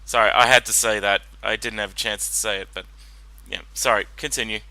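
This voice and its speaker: A man's voice: fairly low pitch, steady tone, brisk, bright, forceful tone, rough recording. A man giving casual commentary while watching a cartoon, rambling and hesitant, often correcting himself. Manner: rambling, hesitant, self-interrupting. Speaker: reaction video host.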